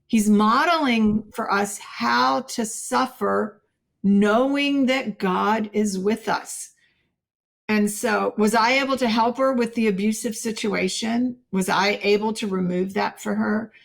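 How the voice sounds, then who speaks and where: A middle-aged woman, a podcast guest, telling a personal faith story in an earnest, animated way and acting out quoted dialogue. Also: mid-range voice, slow, vocal fry.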